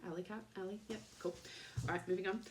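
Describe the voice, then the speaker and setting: A woman's voice: mid-range voice, fairly even intonation, fast talker, a little hiss or hum. An Australian woman in her thirties hosting a podcast, chatting casually in a rambling way with lots of fillers and little laughs. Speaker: podcast host. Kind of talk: casual chat.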